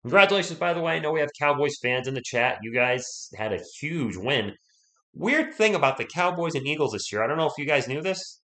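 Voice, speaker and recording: A man with a voice on the high side speaks animatedly and fairly quickly, his tone fairly bright. He hosts a sports livestream, rambling casually and welcoming viewers by name, though his voice is still healing after illness.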